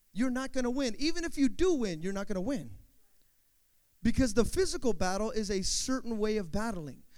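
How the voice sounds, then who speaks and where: A man with a high voice preaches to his congregation and keeps asking them for an amen. He swings between loud, driving passages and quiet ones. The sound carries a long reverb, like a large church sanctuary. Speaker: pastor. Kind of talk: sermon.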